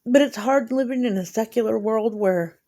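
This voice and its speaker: A woman's voice: on the high side, normal speed, dark tone. A woman in her forties rambling emotionally through a casual vlog monologue. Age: 40s.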